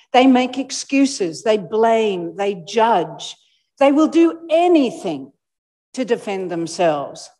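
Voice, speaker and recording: An Australian woman giving a lively motivational talk to a live audience, playfully acting out people's inner voices. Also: mid-range voice. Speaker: motivational speaker. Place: large hall with live audience. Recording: echoey hall with long reverb.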